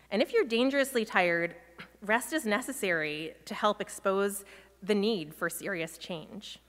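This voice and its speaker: A woman pastor giving a sermon in a reflective, measured way, pausing often. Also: mid-range voice, fairly bright tone. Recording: long reverb of a large hall.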